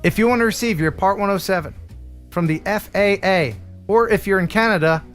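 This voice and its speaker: An American man hosting a casual livestream with a slightly raised pitch. He chats loosely, jokes with his co-host, and reads sponsor spots like an eager pitchman. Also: fairly quick, faint music behind. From United States. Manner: chatty, joking, enthusiastic pitchman.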